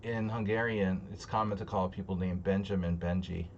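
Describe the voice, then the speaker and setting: A man's voice: sits low, steady tone, normal speed, lo-fi sound, slight background noise. A man streaming live online chess, thinking aloud as he plays, joking and muttering to himself. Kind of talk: live commentary while playing online chess. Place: home streaming setup.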